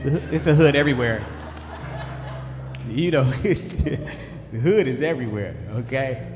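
A man preaching a sermon, swinging between shouted lines and low asides in call-and-response style. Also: unhurried. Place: church sanctuary. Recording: echoey hall with faint music.

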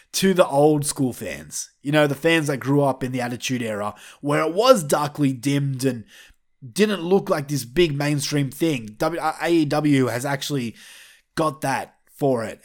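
A man ranting bluntly and with heavy profanity as he gives his opinions in a vlog. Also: medium pitch. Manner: blunt, heavily profane, fired up. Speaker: wrestling commentator vlogger. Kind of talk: opinionated rant.

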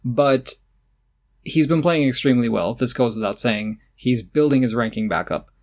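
A man's voice: medium pitch, moderate pace. Sarcastic, opinionated male podcast host. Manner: opinionated and sarcastic, laughs often. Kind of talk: casual chat about tennis.

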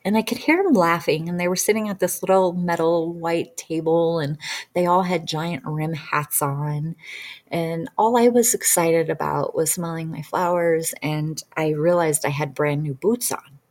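Chatty woman with a lowish voice. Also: measured pace, darkish tone. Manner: chatty, many "like" fillers, acts out quoted dialogue. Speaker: past-life regression practitioner. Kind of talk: casual personal storytelling.

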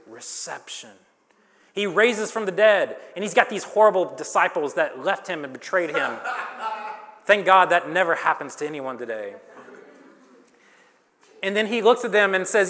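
A man preaching a sermon, dramatic, swinging between loud and hushed lines and joking with the congregation. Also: fairly high pitch, lively intonation, unhurried. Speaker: pastor. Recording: long reverb of a large hall.

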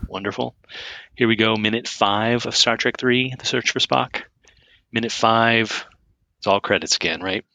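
A man's voice: fairly low pitch, fairly even intonation, normal speed, vocal fry, pushed and bright, no room sound. A man co-hosting a podcast in casual chat, rambling with many fillers and restarts. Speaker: podcast co-host.

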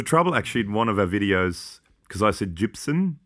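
A man's voice: fairly low pitch, very animated, a bit bright. A man with an Australian accent, co-hosting a podcast in casual, rambling chat full of jokes and side notes. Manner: joking, rambling, quick asides. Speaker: podcast co-host.

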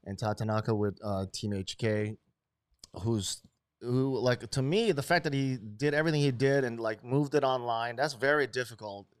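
A man from Hawaii hosts a loose, profane chat. He speaks at an ordinary middle pitch and breaks into loud, animated bursts. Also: moderate pace, clean tone, no room sound, clean studio sound. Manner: brash, swearing, animated bursts. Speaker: host.

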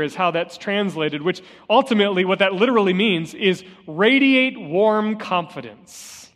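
High-voiced male pastor preaching in a reverberant hall. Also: expressive, normal speed, fairly bright tone. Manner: earnest, personal storytelling; repeats key phrases for emphasis. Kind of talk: sermon. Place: church sanctuary. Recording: long hall reverb with faint guitar music.

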